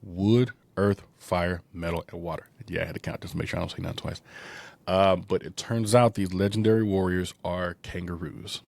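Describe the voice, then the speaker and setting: In a dry recording, a man with a low, dark voice, fairly even intonation, and vocal fry hosts a casual movie podcast. He retells the plot digressively with plenty of fillers and asides, breaking into quick character voices.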